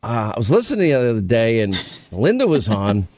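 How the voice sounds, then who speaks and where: A man's voice: mid-range voice, huge pitch swings, brisk, a little mellow, no echo. A middle-aged man hosting a talk radio show, bantering and teasing his co-workers on air. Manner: teasing, joking.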